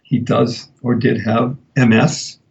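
An older man hosting a live talk radio show, speaking slowly and deliberately and spelling words out for emphasis. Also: medium pitch, little pitch movement, creaky, dull audio.

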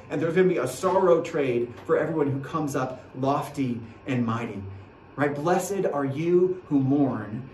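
A man gives a sermon in an earnest, repetitive way, his voice on the high side for a man. He sinks to near-hushed passages, then lifts into rousing calls. The sound is roomy and distant, caught by a far-off mic in a church with faint noise behind. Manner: earnest, repeats phrases, swings from hushed to rousing. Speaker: pastor. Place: church sanctuary.

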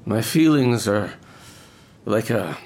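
An actor playing a bitter, drunken middle-aged estate manager, rambling and self-pitying in a stage drama. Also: male voice, fairly low pitch, expressive, slow, darkish tone, exaggerated voice. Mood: despairing. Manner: rambling, melancholy, pleading.

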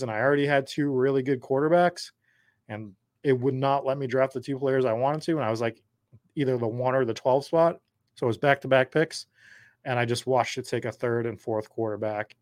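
Speaking fairly quickly in a steady mid-range voice with some wear in it, a male podcast host chats and rambles through a live draft while answering viewer comments. The audio is clean studio sound without any room sound.

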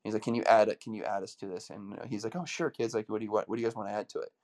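A man's voice: on the low side, rapid-fire. A man coaching an audience in a motivational talk, telling stories energetically and acting out the dialogue. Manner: energetic storytelling, acts out quoted dialogue.

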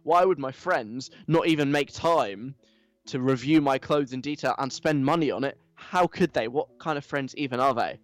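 A man's voice: mid-range voice, moderate pace, no echo, close to an everyday voice. A man putting on an American accent to voice an entitled, whiny young female influencer, in a mock reading of a social post. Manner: self-pitying, whiny.

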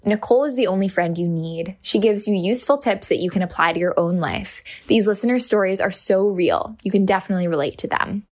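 A woman, a podcast producer, reading listener reviews aloud in a brisk, amused way on a close studio mic. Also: mid-range voice.

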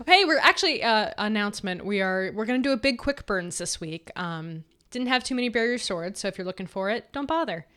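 A woman co-hosts a podcast in casual, upbeat chat. Her voice sits at an ordinary middle pitch, and she moves between introductions and friendly banter. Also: animated, brisk, hardly any pauses, sharp tone, clean tone. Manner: upbeat, chatty. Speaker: podcast co-host.

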